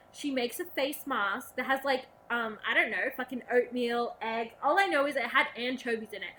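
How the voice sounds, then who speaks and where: A woman's voice: high voice, bright, forceful tone, a little hiss or hum. A young woman vlogger ranting casually to camera, profane and sarcastic, slipping into mocking voices.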